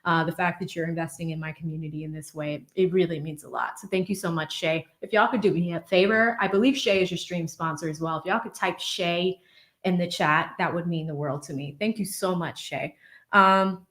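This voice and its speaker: Echoing through the room, this thirtysomething Bostonian's lowish, slightly bright voice moves a little fast. She runs a livestream of legal commentary, chattily reading out messages from her viewers.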